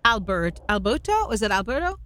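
A woman's voice: medium pitch, sing-song, fairly quick, fairly bright tone. A woman hosting a radio talk show, asking long run-on questions and summing up the guest's story for her listeners. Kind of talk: radio interview.

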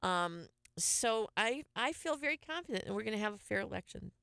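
A woman's voice: medium pitch, animated, brisk, gravelly, a bit bright, clear, resonant tone, no echo, clean studio sound. A middle-aged woman hosting a casual radio show, telling stories in a chatty way and laughing often. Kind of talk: casual morning show chat.

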